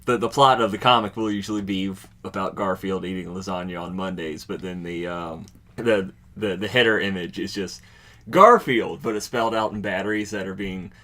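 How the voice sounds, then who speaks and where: A man's voice: deep voice, moderate pace, bright, forceful tone. A man co-hosting a comedy podcast, riffing and rambling in casual banter. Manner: rambling, laughing riffs. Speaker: podcast co-host.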